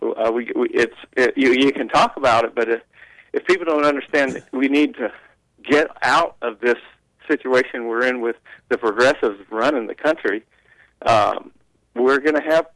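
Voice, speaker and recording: A man's voice: mid-range voice, moderate pace, a bit bright, dry recording, low-quality recording. Opinionated man on talk radio. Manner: opinionated, mocking quoted voices, rambling restarts. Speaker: radio show regular guest.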